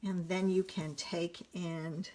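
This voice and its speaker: A woman's voice: fairly low pitch, level tone, very noisy. A woman demonstrating card making on a live stream, chatting casually and thinking aloud as she works. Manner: chatty, thinks aloud, slow and unhurried, self-correcting. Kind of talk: casual live crafting demo.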